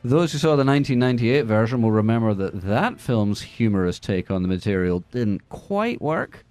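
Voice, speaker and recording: A man hosting a radio movie show, reading the news with sarcastic, deadpan jokes. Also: on the low side, moderate pace. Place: radio studio.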